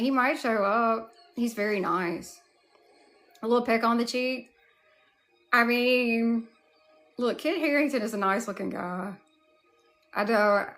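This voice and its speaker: Southern woman, livestream host, drawn-out unhurried speech, fairly high voice, faint music behind. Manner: warm greetings to chat, drawling. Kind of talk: casual live chat.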